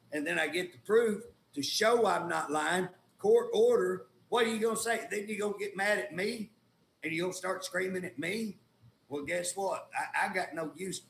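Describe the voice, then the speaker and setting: A man's voice: sits high, vocal fry, a bit bright, reverberant, slight background noise. A man with an Oklahoma accent, a state legislator telling a story in folksy, indignant, casual talk with colloquial grammar. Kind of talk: casual talk show conversation.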